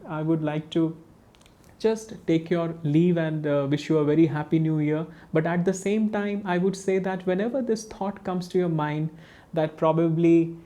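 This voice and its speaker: A man speaks gently in a spiritual webinar talk. His voice is mellow and warm, and he pauses often with soft fillers. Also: a little high. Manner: gentle storytelling with hesitations. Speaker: spiritual teacher.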